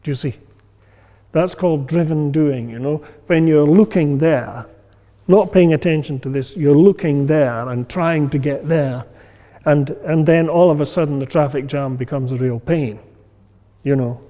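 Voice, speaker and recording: A man's voice: on the high side, unhurried, dark tone. Man teaching meditation in a reverberant hall. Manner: conversational, many fillers, acts out inner voices. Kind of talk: informal class talk.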